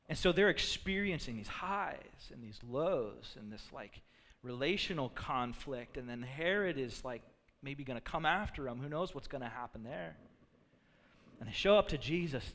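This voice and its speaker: A man preaching a sermon as a pastor, animated and storytelling, acting out quotes from the people in his story. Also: mid-range voice, normal speed. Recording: long reverb of a large hall.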